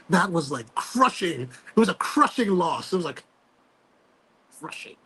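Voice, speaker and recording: A man hosting a casual livestream chat, telling animated stories full of fillers and restarts. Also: high-pitched, normal speed, pauses often, a little hiss or hum. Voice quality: gravelly, husky voice. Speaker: host.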